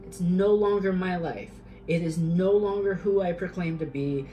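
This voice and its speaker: A woman's voice: lowish voice, normal speed, muffled recording, faint music behind. A woman giving an earnest, emphatic tarot reading, repeating herself and swearing for emphasis. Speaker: tarot reader. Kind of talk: spoken tarot reading, motivational.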